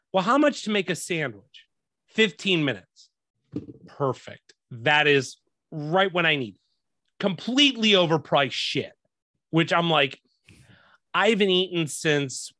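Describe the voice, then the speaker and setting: Bright, profane man telling a rant. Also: a little high, expressive, unhurried, no echo, clean studio sound. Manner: profane, exasperated storytelling. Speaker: podcast host. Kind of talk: casual storytelling rant.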